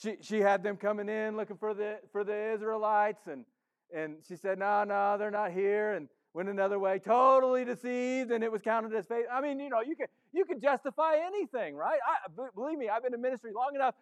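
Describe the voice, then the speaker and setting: Lively high-voiced male pastor preaching. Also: a little fast. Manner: conversational, playful, acts out the congregation's inner voice; wide swings from loud emphasis to soft low asides. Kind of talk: sermon.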